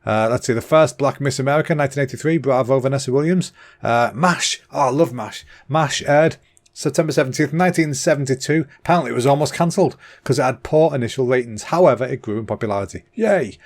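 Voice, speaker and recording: This is a man, hosting a casual solo podcast. His voice sits at an ordinary pitch for a man. He talks in an excitable, rambling way, a little out of breath, with a throat that sounds slightly clogged. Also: quick pace. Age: 30s. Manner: chatty and excitable, with fillers and restarts. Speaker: podcast host.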